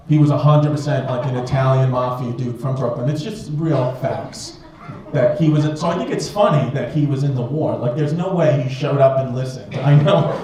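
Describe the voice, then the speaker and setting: A man doing stand-up comedy in a club, rambling and swearing as he banters with the crowd. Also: mid-range voice. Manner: profane, rambling, self-mocking banter with the audience. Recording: echoey club with audience noise.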